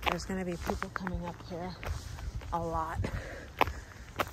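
A woman's voice: lowish voice, measured pace, bright, forceful tone, slight background noise. Breathless, gushing woman vlogging outdoors. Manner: gushing, exclaims often, laughs. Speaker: travel vlogger. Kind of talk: excited walking vlog. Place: outdoors in cold weather, on a street.

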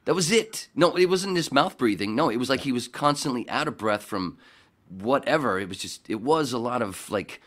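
A man's voice: medium pitch, animated, moderate pace, fairly bright tone. A man hosting a podcast, talking casually and bluntly with plenty of swearing, rambling through his thoughts. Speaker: podcast host.

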